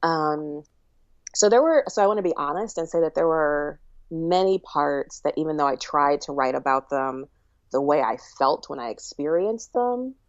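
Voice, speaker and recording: A woman's voice: low voice, lively intonation, normal speed, dry recording, dull audio. A woman who is an author, talking as a podcast guest in a reflective way and laughing often. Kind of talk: interview conversation. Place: lives in Michigan.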